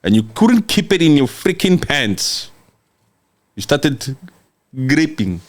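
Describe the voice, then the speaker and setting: Slow and on the high side, the voice swings widely in pitch. It belongs to a Congolese live-stream political commentator delivering a mocking, impassioned rant, hammering words through repetition while answering comments from viewers.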